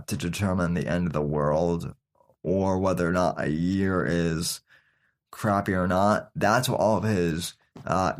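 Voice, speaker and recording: A male podcast host with a lowish voice talks slowly through his opinions. He is folksy and sarcastic, calls his listeners folks, and stops and restarts his sentences often. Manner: halting, with frequent fillers and restarts. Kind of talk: casual opinion commentary.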